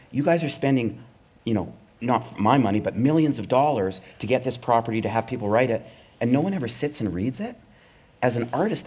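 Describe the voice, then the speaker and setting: Middle-aged male comedy writer, dry anecdotal delivery, mimics other voices, low-middle register. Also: a little mellow. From Canada. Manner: wry, anecdotal, acts out the voices of network executives. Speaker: comedy writer and performer, guest. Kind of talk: live onstage conversation, storytelling.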